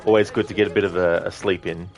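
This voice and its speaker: A man streaming a game, chatting casually and warmly with viewers in a relaxed, rambling way. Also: sits low, fast talker, soft background music. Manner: relaxed, friendly, rambling with fillers. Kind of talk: casual chat with viewers over gameplay.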